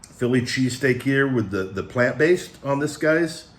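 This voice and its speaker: A man's voice: mid-range voice, animated, unhurried, roomy sound. A man hosting a food review vlog at home, talking in a rambling, laid-back way and calling himself the big guy. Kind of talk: casual chat. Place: home room with pet dogs.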